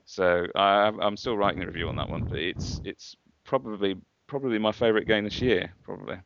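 Lower-voiced man, chatty podcast host. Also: a little fast, gravelly, background noise. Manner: chatty, opinionated, hedging. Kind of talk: casual chat. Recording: dull, slightly lo-fi dry sound.

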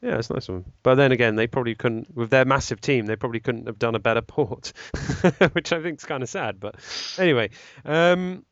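Barely pausing, a co-host with a medium-pitched voice talks fairly quickly in casual podcast conversation. He rambles, corrects himself and leans on "um" constantly. The recording has no echo and sounds dull and mildly lo-fi.

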